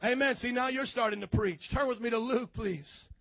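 A man with a very high voice preaches a sermon, calling on the congregation to answer back and building into shouts. The sound is dry and close, with a dull, muffled top end. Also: normal speed, no room sound. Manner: preaching with call-and-response, swelling to shouts. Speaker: pastor. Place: church.

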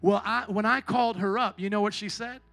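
A male pastor delivers a sermon at a church service. His voice sits high and rings bright, dropping into quiet storytelling and then rising to shouted calls to the congregation. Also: steady tone, a little fast. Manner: preaching with big swings between quiet storytelling and shouting.

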